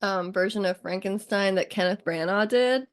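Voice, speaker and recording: A woman's voice: mid-range voice, moderate pace. A woman from Kentucky, a podcast guest, talking casually and rambling with many "like" fillers. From Kentucky, USA. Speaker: guest, author and bookstore owner. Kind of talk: casual chat.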